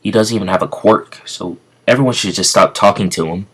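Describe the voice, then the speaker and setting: A man voicing a loud, sneering schoolboy bully who taunts. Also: low-pitched, fairly quick, husky. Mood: taunting.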